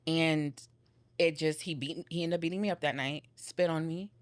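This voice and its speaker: A young woman with a notably low, deep speaking voice shares a personal story as a podcast guest. She talks candidly and with emotion, leaning on "like" as she recounts events. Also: steady tone, normal speed. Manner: candid, emotional retelling with many filler likes.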